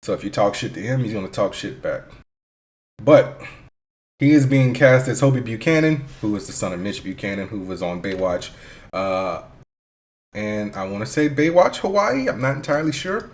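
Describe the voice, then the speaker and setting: A man with a somewhat low voice hosts a solo podcast in a loose, rambling way. He thinks out loud as he goes, leans on fillers and drops casual curses. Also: lively intonation, moderate pace. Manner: hyped, shouty intro. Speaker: podcast host.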